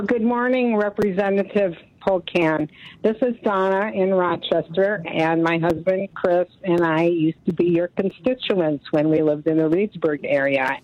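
A woman's voice: low voice, darkish tone, dry recording. A woman in her seventies calling in to a radio show, friendly and rambling. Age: 70s. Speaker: caller. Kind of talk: radio call-in. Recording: muffled phone line.

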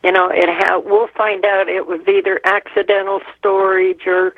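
A man's voice: high voice, dry recording, narrow, tinny audio. A man calling in to a radio talk show, friendly and hesitant, with many fillers. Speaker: caller.

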